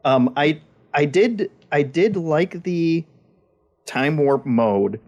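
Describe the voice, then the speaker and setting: A man's voice: on the high side, sing-song, unhurried, a little mellow. A man co-hosting a games podcast, talking casually and often repeating words as he thinks. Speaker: podcast co-host. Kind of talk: casual chat.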